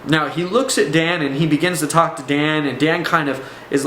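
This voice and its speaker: A man's voice: a little high, moderate pace, hardly any pauses, pushed and bright. A man casually recounting a personal experience to his viewers, conversational and digressive, with asides to the audience. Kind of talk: casual first-person storytelling to camera. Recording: echoey room with faint background hum.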